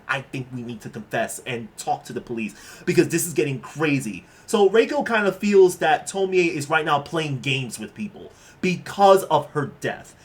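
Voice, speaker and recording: A man casually recapping a horror manga in laid-back, slangy speech that is full of fillers and the odd swear word. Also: fairly high pitch.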